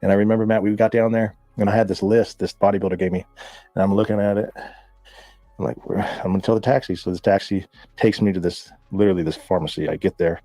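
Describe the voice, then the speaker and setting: A man from Southern California, a guest, telling a profane, animated story in casual talk and acting out the voices of people he quotes. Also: fairly low pitch, fast, no room sound, soft background music.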